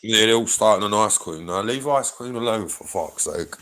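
A man's voice: lowish voice, animated, moderate pace, fairly bright tone. A man hosting a livestream, talking bluntly and swearing a lot. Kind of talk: heated livestream chat.

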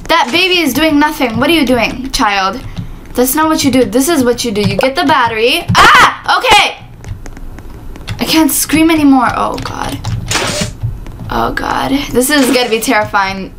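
A woman hosting a gameplay video, talking excitedly through the game and breaking into screams and laughter. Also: high voice, normal speed. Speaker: gaming video host. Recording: steady background noise with keyboard clicks.

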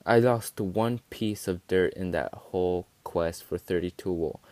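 Low-voiced man ranting over gameplay. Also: unhurried, few pauses, darkish tone, no room sound. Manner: rambling, exasperated, profane. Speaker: gaming video creator. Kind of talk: casual gameplay commentary.

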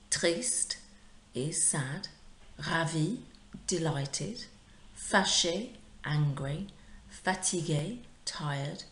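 This is a woman teaching a recorded lesson to pupils at home. Her voice sits low and she takes her time, spelling things out patiently and pausing for repetition. The sound bounces around a bare, echoey room. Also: fairly bright tone. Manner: clear, patient, drills words for repetition. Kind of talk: recorded remote language lesson. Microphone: home recording for remote class.

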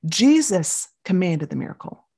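A middle-aged woman teaching a Bible study, telling the story with animated voices for the people in it. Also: fairly low pitch, normal speed, husky.

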